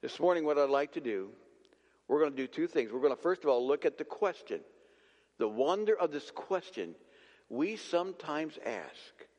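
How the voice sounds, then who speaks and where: A man preaching a sermon as pastor, dramatic and slowing his words for emphasis. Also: fairly high pitch, big pitch swings, darkish tone. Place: church sanctuary. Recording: long church reverb.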